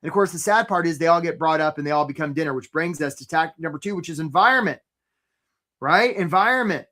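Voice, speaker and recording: Energetic man coaching job seekers. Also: on the high side, fast talker. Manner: energetic, conversational, keeps asking "right?"; greets attendees by name mid-talk. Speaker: career coach hosting a webinar. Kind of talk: live webinar teaching.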